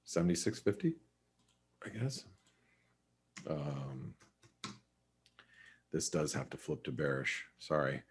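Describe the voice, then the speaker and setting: Deep-voiced man talking through forex charts. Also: expressive, slow pace, long pauses, husky. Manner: conversational, thinking aloud with restarts and asides. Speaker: forex market analyst. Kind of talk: live trading webinar commentary.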